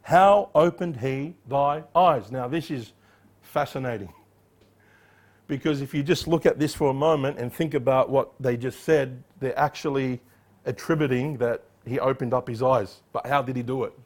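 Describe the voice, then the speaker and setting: A man preaching an expository sermon, emphatic and animated, acting out the voices in the passage he reads. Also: medium pitch, normal speed. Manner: emphatic, acts out quoted voices.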